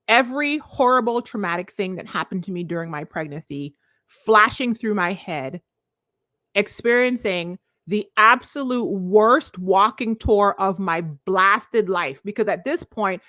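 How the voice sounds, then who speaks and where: A woman in her forties telling a personal story to her live-stream viewers, expressive and confiding, with sudden leaps in pitch. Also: measured pace, no echo, studio quality. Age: 40s. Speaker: vlogger, life coach.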